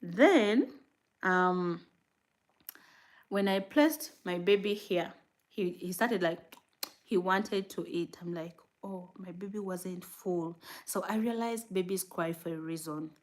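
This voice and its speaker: A new mother vlogging casually to her viewers, telling stories in an animated way and acting out what she said back then, with fillers and frequent laughs. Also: on the low side, slow pace. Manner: animated storytelling, acting out her own past words. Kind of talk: casual chat answering viewer comments.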